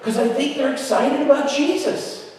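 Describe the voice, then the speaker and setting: A man's voice: very high-pitched, normal speed, pitched above the performer's own voice. A man putting on the voice of a surprised, questioning mother while telling a story in an echoing hall. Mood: puzzled. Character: excited middle-aged mother, high and sing-song. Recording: echoey hall from far off.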